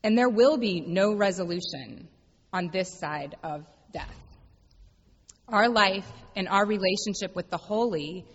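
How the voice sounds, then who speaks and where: A woman pastor delivering a reflective sermon, telling a story gently and slowing down for quiet, emphatic refrains. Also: on the low side. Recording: dull lo-fi sound with long hall reverb.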